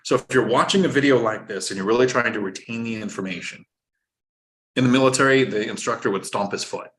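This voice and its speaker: A man's voice: medium pitch, quick pace, a bit bright. A man hosting a live-stream finance talk, explaining step by step in an instructive way and cracking jokes while reading viewer chat. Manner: instructive, joking, reads viewer chat aloud. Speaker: host.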